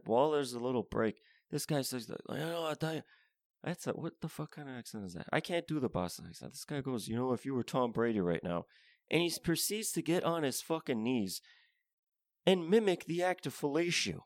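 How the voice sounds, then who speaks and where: A man's voice: fairly high pitch, no echo, studio quality. A man ranting in a profane comedy monologue, rambling and often restarting his sentences.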